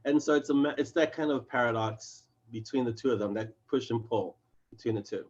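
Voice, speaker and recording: A man, a fantasy author, chatting in an interview over a video call, lively and acting out his characters' lines. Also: mid-range voice, muffled recording. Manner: animated, acts out his characters' lines in quick voices. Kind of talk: casual video chat interview.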